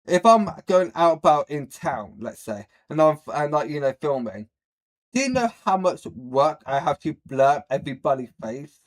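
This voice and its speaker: In this reaction video, the male host's voice sits on the high side, swinging widely in pitch at a moderate pace. He rambles bluntly with lots of fillers and says he has a speech problem.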